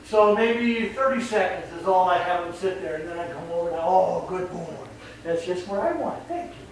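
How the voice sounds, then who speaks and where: A man's voice: sits high, animated, a little fast. A man working as a dog trainer, explaining in a chatty, rambling way and acting out voices. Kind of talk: casual explanation on camera. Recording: very echoey, distant mic, faint noise.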